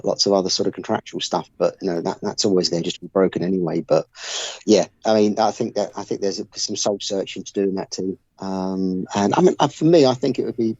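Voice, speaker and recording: Low-voiced man mulling things over. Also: a little mellow, dry recording, lo-fi sound. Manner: thoughtful, hesitant with many fillers. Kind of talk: casual chat.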